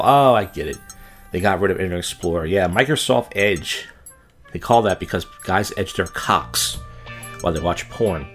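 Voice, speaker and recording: Low-voiced man rambling on a podcast. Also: lively intonation, moderate pace, soft background music. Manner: rambling, crude, offhand. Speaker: podcast host and open-mic comic. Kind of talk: casual podcast monologue.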